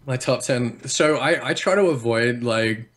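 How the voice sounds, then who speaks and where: An Australian man chatting as a podcast guest, articulating deliberately like a trained voice, with frequent restarts and fillers. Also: mid-range voice. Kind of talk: casual podcast chat.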